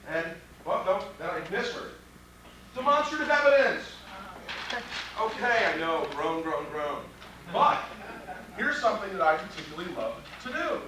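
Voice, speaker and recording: Amid crowd noise, a high-voiced man with big pitch swings speaks at a moderate pace. He's a criminal defense trial instructor coaching trial lawyers in a live workshop, bluntly and profanely throwing out rhetorical questions. The recording comes from afar in an echoey training room with an audience.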